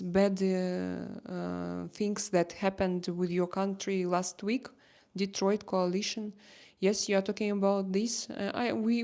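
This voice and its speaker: Russian-accented woman hosting a livestream chat, unhurried and halting, with a creaky edge. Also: medium pitch, darkish tone. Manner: halting, many fillers and restarts. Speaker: livestream host. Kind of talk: casual livestream chat reading comments.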